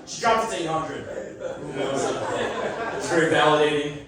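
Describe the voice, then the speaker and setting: A man's voice: a little high, expressive, moderate pace, over a noisy crowd. A man doing a stand-up comedy set, chatty and self-deprecating, often laughing at his own jokes. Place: comedy club stage. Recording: roomy echo, voice from a distance. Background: audience laughter and call-backs.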